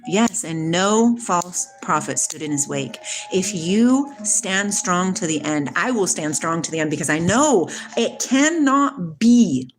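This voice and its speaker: A woman hosting a casual spiritual livestream, talking back to her chat in an excitable, preachy way. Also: on the low side, measured pace, few pauses, faint music behind. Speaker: livestream host reading chat.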